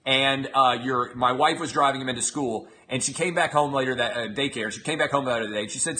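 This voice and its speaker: A man's voice: medium pitch, fast talker, hardly any pauses, pushed and bright. A man in his thirties hosting a show, giving an emphatic opinionated monologue and often checking in with his listeners. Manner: emphatic, asks the audience 'all right?'. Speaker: show host.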